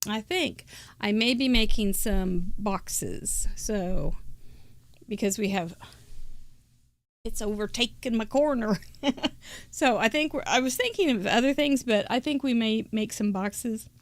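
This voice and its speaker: A woman's voice: on the high side, a little slow, no room sound. An older woman hosting a live crafting show, chatting casually and giggling as she thinks aloud. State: out of breath.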